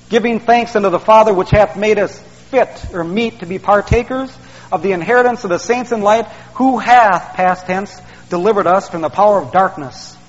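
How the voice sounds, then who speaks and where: A male preacher, delivering a folksy sermon that he peppers with "man" and "see". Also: sits high. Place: church sanctuary. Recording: dull sound, long hall reverb.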